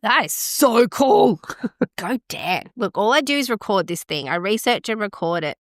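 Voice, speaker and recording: An excitable podcast host, a woman, gasps and exclaims as she reads results and stats aloud during casual chat. Her medium-pitched voice runs at normal speed, captured in studio quality with no room sound.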